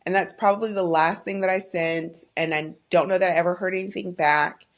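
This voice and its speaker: A middle-aged woman hosts a podcast, giving a candid, heartfelt monologue about her own life that is faith-tinged and openly emotional. Her voice sits on the low side, brisk, with fairly even intonation.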